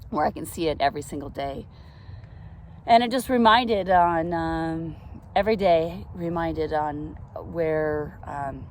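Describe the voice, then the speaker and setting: A middle-aged woman telling a personal faith story, outdoors in a park, earnest and reflective, with soft laughs now and then. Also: lowish voice, slight background noise.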